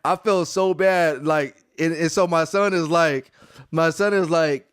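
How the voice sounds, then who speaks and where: A man in his thirties co-hosting a podcast, telling stories in a casual, animated way and laughing often. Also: on the high side, measured pace, smooth, no room sound, clean studio sound. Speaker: podcast co-host.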